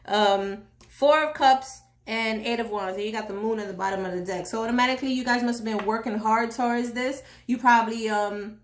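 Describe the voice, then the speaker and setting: A woman's voice: fairly high pitch, a little fast, few pauses, a little hiss or hum. A woman from Haiti giving a casual tarot reading, slangy and chatty with jokey asides. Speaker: tarot reader.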